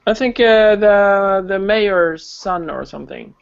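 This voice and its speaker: Man, tabletop player, high voice, slow, thinking aloud, muffled chat audio. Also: expressive, vocal fry, clean tone. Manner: unhurried, thinking aloud with fillers. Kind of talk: casual tabletop game chat.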